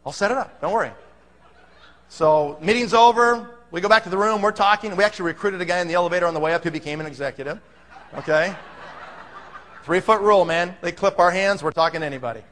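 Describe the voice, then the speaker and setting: Casting: higher-pitched man, excitable storyteller, voice ringing with long hall reverb. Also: fast talker. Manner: excitable, acts out quoted voices, laughs often. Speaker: speaker telling a business story. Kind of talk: animated storytelling talk.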